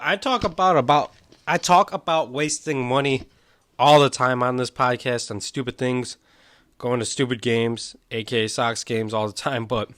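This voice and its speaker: A man's voice: mid-range voice, a bit bright. A young man from Chicago chats alone into his podcast mic. His voice sits in an ordinary middle range, and the sound is dry and close with no room echo. He rambles from one thing to the next, loose and a little self-mocking. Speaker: podcast host. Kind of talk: casual solo podcast chat.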